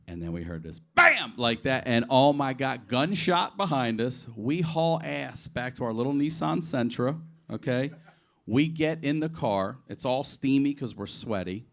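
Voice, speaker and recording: A man from Baltimore doing improvised stand-up on a comedy club stage, telling profane, animated stories and acting out the quotes. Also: medium pitch, measured pace, creaky. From Baltimore, USA. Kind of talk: improvised stand-up on audience requests.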